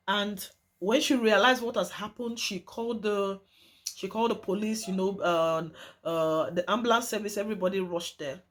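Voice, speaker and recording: A woman's voice: medium pitch, steady tone, normal speed. A young woman telling a true story to her viewers, emphatic and dramatic, often repeating phrases and calling her audience "guys".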